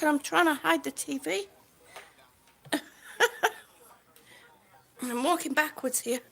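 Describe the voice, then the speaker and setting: Lady walking round her house on a live stream, real high bright voice, slow, kinda out of breath, calls everyone sweetie. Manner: warm, greets viewers by name, calls them sweetie. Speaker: vlogger on a livestream. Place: indoors at home. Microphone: phone on a gimbal held while walking.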